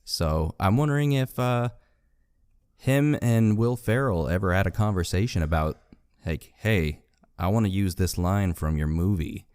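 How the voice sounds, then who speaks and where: Man in casual podcast chat, low voice. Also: unhurried, darkish tone, smooth, no room sound, studio quality. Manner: rambling, quotes movie lines with laughs. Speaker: podcast co-host.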